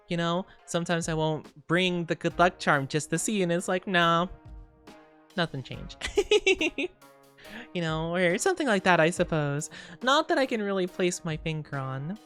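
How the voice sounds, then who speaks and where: A woman's voice: fairly low pitch, expressive, normal speed, faint music behind. A young woman streamer chatting casually with her viewers, rambling and giggling often.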